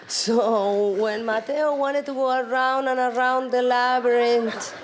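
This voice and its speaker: Woman with a high voice, middle-aged actress, lively storyteller, laughs through her story. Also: unhurried, noisy background. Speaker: actress at a press event. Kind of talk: anecdote told to an audience.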